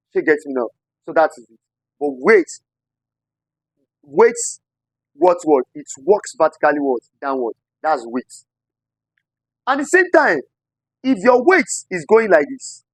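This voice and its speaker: A man's voice: high-pitched, no echo. A man teaching a physics lesson at a board, repeating key points and asking rhetorical "what?" questions before giving the answer. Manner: repetitive, asks the class rhetorical "what?" questions.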